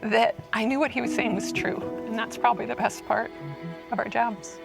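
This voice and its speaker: Woman telling an animated panel story. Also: a little high, normal speed, creaky, loud music behind the voice, rough recording. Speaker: lecturer and former admissions head. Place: auditorium stage.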